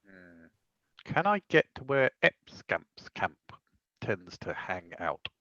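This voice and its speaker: A man playing a tabletop game, playful and animated, joking about his character's plans. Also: medium pitch, slow pace, dry recording. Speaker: player. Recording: dry, dull lo-fi sound.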